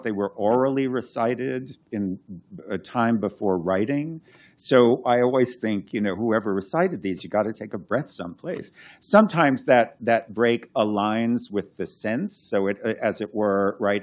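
A man's voice: on the low side, darkish tone. A man, a classics scholar and translator, explaining his work in a conversational lecture, thinking aloud with many restarts and chanting verse rhythms as examples.

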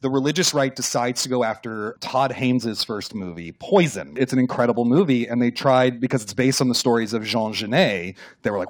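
Male author guest, lively storyteller who voices his quotes, conversational. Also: mid-range voice, fairly quick, few pauses. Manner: animated storyteller, acts out quotes, some restarts. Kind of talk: conversational radio interview.

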